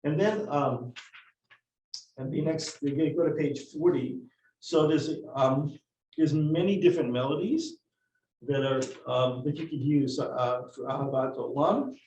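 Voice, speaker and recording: A man teaching a class on prayer melodies, shifting between relaxed, halting explanation and slow sung chant. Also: a little high. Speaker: cantorial teacher. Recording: roomy, distant, dull lo-fi sound with faint noise.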